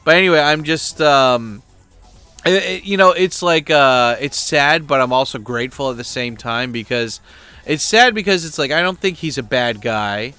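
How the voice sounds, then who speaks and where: Rambling, blunt man venting, bright voice. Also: mid-range voice, smooth. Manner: rambling, many fillers and restarts; crude, blunt. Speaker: host. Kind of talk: casual venting monologue.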